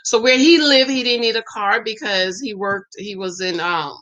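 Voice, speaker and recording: A woman's voice: mid-range voice, moderate pace, muffled recording, slight background noise. A woman giving dating and marriage advice in a casual, sassy chat, talking straight to her women viewers and calling them "girl.". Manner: sassy, animated, addresses listener as "girl"; acts out quoted voices. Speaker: relationship advice vlogger.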